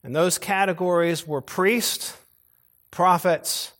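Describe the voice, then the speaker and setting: Earnest preaching man, fairly high voice. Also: steady tone, slow, a bit bright. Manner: earnest preaching, rising to emphatic stress on key words; occasional restarts and repeated phrases. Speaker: pastor. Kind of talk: sermon.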